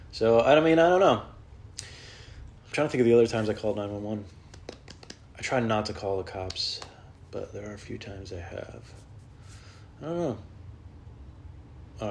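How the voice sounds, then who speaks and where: A man who is a stand-up comedian, talking on his solo podcast at home in an off-the-cuff, self-mocking and profane way, telling rambling comic stories. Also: slight background noise. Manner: jumps into high, loud put-on voices when quoting people.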